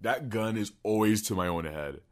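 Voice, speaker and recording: A young man chatting on a podcast, animated and playful, often laughing and acting out silly scenarios. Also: lowish voice, normal speed. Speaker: podcast co-host. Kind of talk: casual chat.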